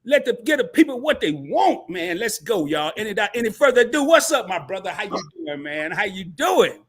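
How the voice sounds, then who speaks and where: High-voiced, hyped-up male stream host. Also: brisk, slightly rough. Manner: energetic, slangy, calls the audience "baby" and "man". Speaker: live stream talk show host. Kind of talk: casual hyped-up live stream intro.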